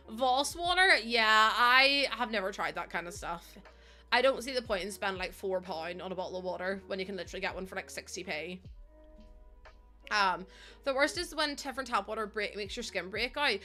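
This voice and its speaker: A woman's voice: medium pitch, normal speed, bright, forceful tone, faint music behind. A young woman with a Northern Irish accent, chatting casually with her live stream viewers, laughing often and answering their comments. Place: home streaming setup.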